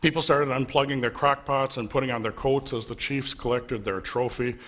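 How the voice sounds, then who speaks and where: A man, a pastor in a church with a Minnesotan accent, telling a sermon story and voicing the people in it with shifts in pitch and loudness. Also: steady tone, normal speed.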